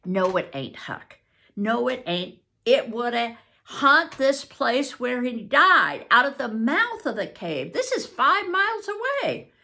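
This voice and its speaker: A bossy, eager boy adventurer, voiced by an older woman reading aloud, leaping up and down in pitch. He talks slowly and confidently, like he knows all the books. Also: gravelly, heavily acted. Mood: reassuring. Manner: animated storytelling, confident.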